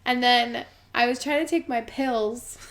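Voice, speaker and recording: A woman's voice: on the high side, steady tone, measured pace, fairly bright tone. A young woman co-hosting a casual podcast, telling rambling funny stories full of "like" fillers. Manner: chatty storyteller, lots of "like" fillers. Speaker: podcast co-host. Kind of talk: casual chat.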